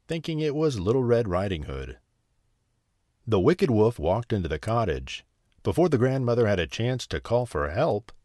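A man reading a bedtime story aloud in a slow, soothing, expressive way. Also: lowish voice, no echo, studio quality.

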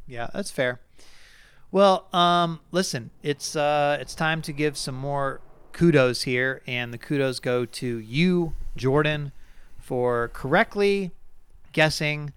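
Smooth-voiced man talking casually. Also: fairly high pitch, slow, fairly bright tone, no echo. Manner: rambling, hedging with fillers and restarts. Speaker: podcast co-host. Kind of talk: casual sports chat.

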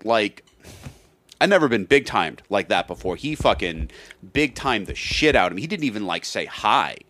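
A man's voice: lowish voice, very animated, moderate pace, sharp tone, a little hiss or hum. A man co-hosting a casual comedy podcast, telling a rambling story and acting out what people said. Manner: rambling storyteller, restarts and acts out quotes. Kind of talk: casual chat.

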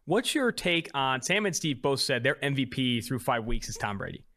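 A man's voice: medium pitch, sing-song, moderate pace, sharp tone. A young man hosting a sports podcast, reading out stats and tossing questions to his co-host in a joking, casual way. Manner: reads stats then tosses questions, jokey.

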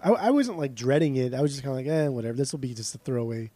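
Male podcast co-host, casual and profane, stumbling restarts, dark tone. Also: mid-range voice, expressive, very fast, dry recording. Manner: rambling, profane, frequent restarts. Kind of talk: casual chat.

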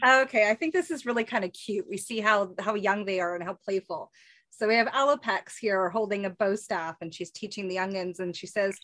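A woman's voice: mid-range voice, brisk. A woman in casual chat, reading comic lines aloud in playful put-on voices. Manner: animated, reads character lines with put-on voices. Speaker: podcast guest.

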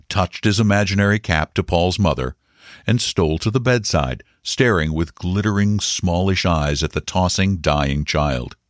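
A man narrating a story in a measured, dramatic way, slowing down for suspense. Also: deep voice, dry recording, studio quality.

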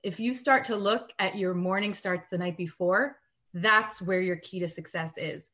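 A woman in a casual live-streamed chat, giving practical parenting advice with quick laughs. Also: fairly low pitch, pushed and bright. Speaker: guest parenting coach.

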